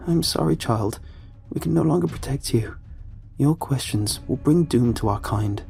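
A man's voice: medium pitch, lively intonation, normal speed, vocal fry, darkish tone, faint music behind, voice pushed up. A man voicing a desperate mother in a horror story, pleading and tearful. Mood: weeping. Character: grieving mother turning monstrous, pleading.

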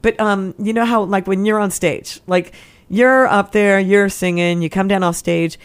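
A woman counselor chats as a guest on a talk show, energetic and quick to jump between thoughts. Her voice sits at an ordinary middle pitch. She talks in loose, lively bursts full of asides. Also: clear, resonant tone. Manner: energetic, chatty, many restarts and asides. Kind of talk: casual interview chat.

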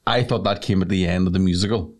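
A man's voice: sits low, quick pace. A man with a Northern Irish accent, co-hosting a podcast and telling comic stories, swearing often. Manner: animated storyteller, swears a lot, bursts into put-on voices. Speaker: podcast co-host. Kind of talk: casual comedic chat.

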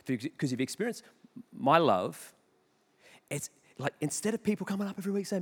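A man preaching a sermon, telling chatty stories with quick self-mocking asides. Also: fairly high pitch, lively intonation, breathy edge. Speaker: pastor. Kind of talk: sermon with storytelling. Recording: long hall reverb.

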